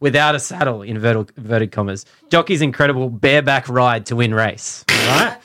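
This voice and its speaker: A man's voice: mid-range voice, fairly quick, bright, forceful tone. An Australian man co-hosting a casual sports chat, laughing often as he reads out a story. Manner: laughs often while reading out a news story. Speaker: podcast co-host.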